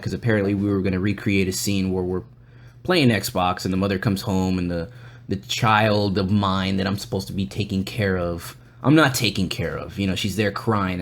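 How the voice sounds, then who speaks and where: Rambling, foul-mouthed male podcast host. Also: low voice. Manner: loose and rambling, swears a lot; acts out other people's lines in quoted voices. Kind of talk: casual storytelling chat.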